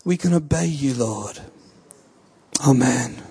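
A man preaching a sermon in an earnest, slow and emphatic way, reading a testimony aloud. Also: medium pitch, expressive, mellow, slight background noise. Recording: long reverb of a large hall.

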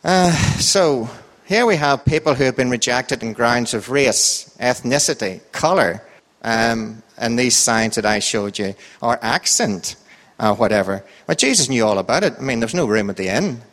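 A man's voice: medium pitch, expressive, moderate pace, fairly bright tone, in a large hall. An Irish man leading an informal Bible talk with a quiz, chatty and joking, with a sing-song voice that goes up and down. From Ireland. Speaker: church group leader.

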